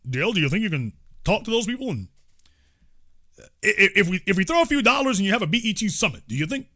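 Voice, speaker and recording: Dude doing a coaxing politician voice, halting, bright. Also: male voice, high-pitched, very animated, heavily acted. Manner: measured, coaxing, hesitant. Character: impression of a smooth, persuasive male politician.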